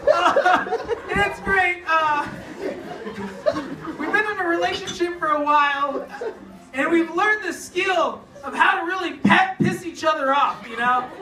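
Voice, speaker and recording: A young man doing a stand-up comedy set, laughing through his jokes and breaking into loud shouts. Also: very high-pitched, animated, slow, pauses often. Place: comedy club stage before a live audience. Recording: echoey room from far off, loud crowd and noise. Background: audience laughter and room noise.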